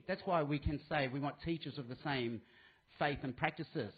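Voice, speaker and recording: An Australian man giving a live talk, answering a question in a lively way and acting out what others say. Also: on the high side, normal speed, slightly rough. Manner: animated, acts out voices, restarts. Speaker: speaker. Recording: tinny phone-like sound.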